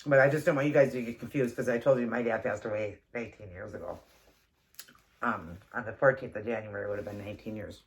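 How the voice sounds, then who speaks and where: A woman's voice: a bass voice, fast talker. A woman in her forties chatting casually as a keto vlogger, rambling through a story with frequent laughs and a runny nose. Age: 40s. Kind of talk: casual storytelling while eating.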